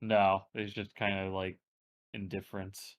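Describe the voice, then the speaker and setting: A man playing his character in a tabletop game, deadpan and teasing. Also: deep voice, unhurried. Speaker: player.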